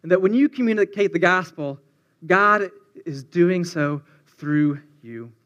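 Male campus preacher, high voice, earnest, leans on repeated refrains. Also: animated, unhurried, a bit bright, muffled recording. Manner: earnest, repetitive, building refrains. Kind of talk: sermon.

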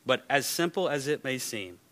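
A man preaching a sermon, firing rhetorical questions and moving between loud and hushed delivery. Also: medium pitch, expressive, moderate pace. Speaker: pastor.

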